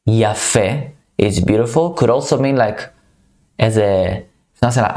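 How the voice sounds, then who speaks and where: A man's voice: lowish voice, unhurried, darkish tone. A man teaching a beginner vocabulary lesson, repeating each word several times. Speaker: Hebrew teacher.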